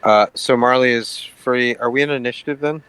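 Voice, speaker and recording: A man's voice: medium pitch, fairly even intonation, normal speed, fairly bright tone, clear, resonant tone, dry recording, poor audio. Methodical man playing a tabletop game. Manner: methodical, talks through his character's spells. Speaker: player.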